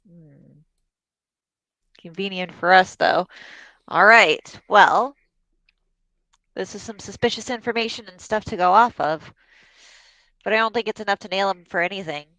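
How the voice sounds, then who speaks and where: Bright musing woman player. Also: mid-range voice, no room sound, poor audio. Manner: musing, drawn-out hums. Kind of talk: tabletop game play.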